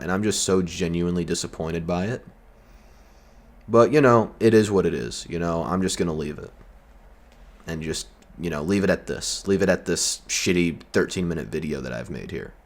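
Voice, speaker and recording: A man's voice: low voice, normal speed. A man delivering a heated, profane and sarcastic vlog rant. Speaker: vlogger. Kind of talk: ranting commentary.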